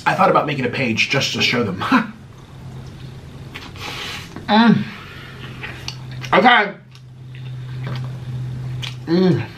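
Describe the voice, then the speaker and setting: A man's voice: very animated, slow pace, pauses often, fairly bright tone, recorded from a distance, a little hiss or hum. A man in his thirties hosting an eating video at home, answering viewer questions in a sarcastic, theatrical way. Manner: sarcastic, theatrical, swings between high and low pitch. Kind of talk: casual chat while eating.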